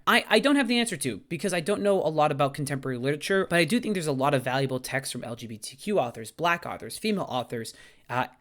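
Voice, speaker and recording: A young man in his twenties, a high school English teacher, answering viewer questions in a casual vlog, animated and outspoken with some casual swearing.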